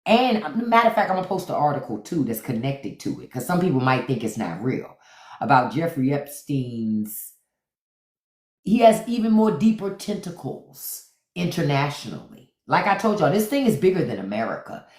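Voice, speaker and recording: Live-stream host, woman, sassy and mocking, pitch swinging widely, echoey room. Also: sing-song, normal speed, a little mellow. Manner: sassy, mocking, talks straight to her viewers. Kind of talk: casual live-stream commentary.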